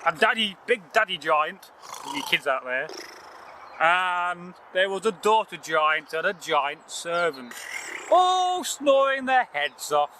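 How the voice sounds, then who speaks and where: Brief: playful storyteller man, very bright high voice, faint traffic behind. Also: poor audio. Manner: animated, playful, drawn-out phrasing. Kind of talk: telling a folktale to a child.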